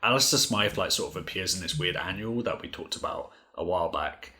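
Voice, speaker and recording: A man's voice: low voice, brisk, bright, forceful tone. A man co-hosting a podcast, recapping comics in rambling casual chat full of "like" fillers. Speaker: podcast co-host.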